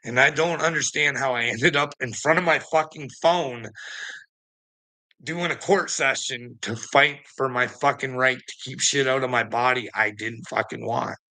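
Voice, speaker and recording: A man's voice: medium pitch, moderate pace, bright, forceful tone. A man telling a rambling story to a friend in casual chat, swearing a lot and laughing often mid-sentence. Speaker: vlogger.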